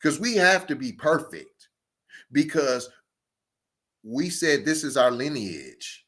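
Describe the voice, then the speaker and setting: Guy ranting on a commentary channel, high voice swinging all over, keeps asking which one is it. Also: slow, pauses often. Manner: animated, mocking, repeats rhetorical questions. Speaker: online commentator. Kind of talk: heated commentary rant.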